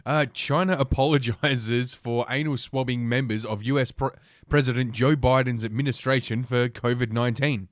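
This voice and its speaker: Male solo podcast host, mid-pitched, loose and crude, lots of ums and uhs, been drinking, dry close sound. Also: steady tone, normal speed, dry recording. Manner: crude, rambling, many fillers. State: drinking while talking. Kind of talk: casual solo podcast talk.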